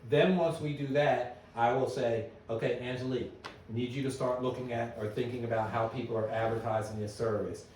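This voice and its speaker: A middle-aged man giving a conference talk to an audience, telling stories in a lively way and asking the room questions. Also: medium pitch, a little fast, slight background noise. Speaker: business owner giving a presentation. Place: meeting room at an annual meeting. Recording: echoey hall, voice from a distance.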